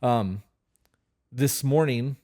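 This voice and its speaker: A man talks through a relationship issue on a podcast, blunt and profane, often restarting his sentences. His voice sits at an ordinary middle pitch and comes across as relaxed, unpolished conversation. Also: extremely slow. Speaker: podcast co-host. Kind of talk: casual relationship chat.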